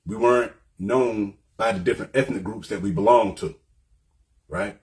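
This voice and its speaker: Low-voiced man giving an informal lecture. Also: normal speed, darkish tone. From United States. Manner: explains with frequent "right?" checks. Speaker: commentator.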